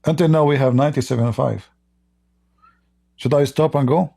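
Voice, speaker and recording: Gravelly, dark-voiced man losing his voice. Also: mid-range voice. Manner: reads quoted passages slowly, then comments with mockery. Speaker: live stream host. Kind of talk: livestreamed religious debate commentary.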